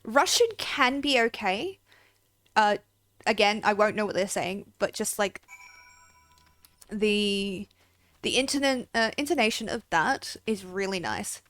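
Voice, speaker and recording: A woman's voice: mid-range voice, unhurried, long pauses, fairly bright tone, no room sound, soft background music. A young woman streaming a game, chatting casually and rambling with frequent giggles. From Australia. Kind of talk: casual livestream chat.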